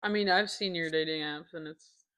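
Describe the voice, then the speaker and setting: Woman with dry quick side remarks. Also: sits low, a bit bright. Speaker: podcast co-host. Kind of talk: casual chat.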